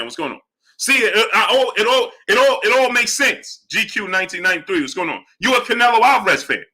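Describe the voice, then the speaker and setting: A man's voice: sits high, bright, forceful tone. A man hosting a live boxing stream, arguing with chatters and greeting them by name. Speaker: livestream host. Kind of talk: live chat boxing talk.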